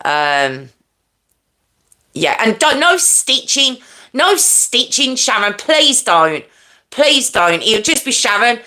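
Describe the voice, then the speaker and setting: A woman chats live with her viewers from home in a bright, clear voice. She talks loosely and mocks herself, with frequent laughs. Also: fairly high pitch, very animated, slow. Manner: chatty, self-mocking, laughs often. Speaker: livestream host. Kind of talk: casual live chat with viewers. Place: at home with a fan nearby.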